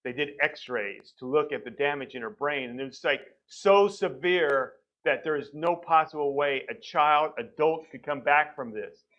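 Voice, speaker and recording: A man's voice: fairly high pitch, unhurried, hardly any pauses, lo-fi sound. A man sharing his personal testimony from a church pulpit, telling the story conversationally and acting out what people said. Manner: conversational storytelling, acts out quoted doctors. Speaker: church member giving testimony. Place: church sanctuary.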